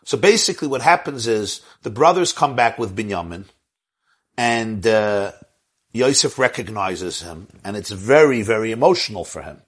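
A man's voice: fairly low pitch, expressive, normal speed, husky. A man who is a rabbi, teaching a Torah class and answering questions in an earnest way, repeating his key phrases and chuckling now and then.

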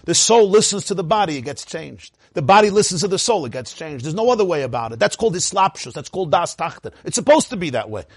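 A high-pitched man with a husky edge lectures as a Torah teacher, firing rhetorical questions and breaking into laughs. The sound is dry and close, with little room around it. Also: big pitch swings, quick pace, hardly any pauses, dry recording.

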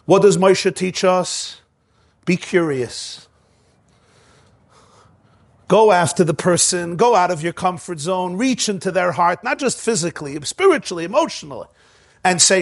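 A man's voice: sits high, animated, a little slow, vocal fry, pauses often. A man preaching a sermon in an impassioned, repetitive storytelling manner.

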